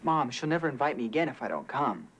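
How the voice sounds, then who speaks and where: A young male actor playing a teenage boy, a high school senior overwhelmed as a new father, pleading and near tears in a 1980s TV drama. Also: very animated, fast, a bit bright. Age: teens. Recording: hissy old TV film audio.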